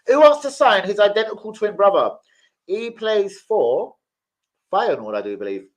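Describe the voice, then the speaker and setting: A young man hosts a jokey football transfer news live stream, reading out viewers' names from the chat. His voice sits high, and he speaks animatedly at a moderate pace.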